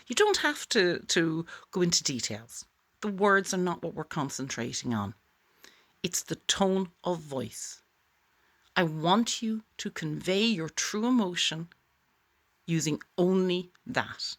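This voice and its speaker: A woman explains a voice exercise straight to camera in a chatty, encouraging tone. Her voice sits a little low, but her pitch swoops up and down a great deal. She sounds like a warm coach rooting for her students. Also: very animated, moderate pace. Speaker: author teaching voice exercises. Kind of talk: direct-to-camera tutorial.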